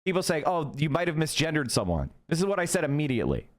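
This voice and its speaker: A man's voice: on the high side, huge pitch swings, fast talker. A middle-aged man hosting a livestream and ranting indignantly at his chat. He repeats himself and swears often. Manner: indignant, repetitive, profane. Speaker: livestream host. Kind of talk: heated livestream rant to chat.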